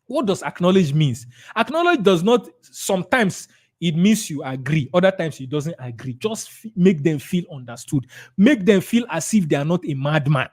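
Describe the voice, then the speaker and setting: A man's voice: a little high, big pitch swings, normal speed. A man with a Nigerian accent leading a sales training webinar, emphatic and repeating his key points.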